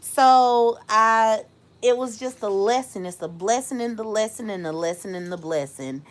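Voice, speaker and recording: A woman's voice: mid-range voice, normal speed. A woman hosting a live stream, casually telling a story to her chat, laughing often and acting out the voices of people she quotes.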